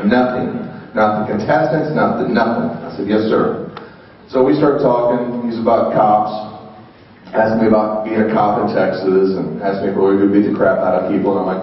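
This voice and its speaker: A man's voice: fairly low pitch, steady tone, normal speed. A man emceeing a convention panel, telling stories to the crowd and acting out quotes and sound effects. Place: large convention hall. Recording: echoey hall, distant mic, muffled.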